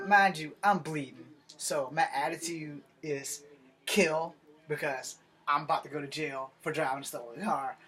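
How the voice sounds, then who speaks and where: A young man tells a story on his own. His voice sits a little high for a man, and his delivery is brash and profane, with animated turns as he acts out each person's lines. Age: young adult. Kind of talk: casual storytelling monologue.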